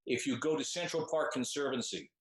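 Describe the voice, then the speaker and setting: A man hosting a comedy roundtable over a video call, speaking in a measured, announcing way. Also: mid-range voice, fairly bright tone, roomy sound, rough recording. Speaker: host.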